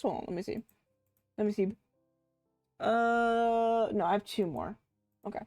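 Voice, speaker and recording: A woman's voice: mid-range voice, a little slow, darkish tone, dry recording. A woman streamer with a sore throat chatting casually and giggling while she plays a game live. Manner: giggly, chatty, self-mocking. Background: game music.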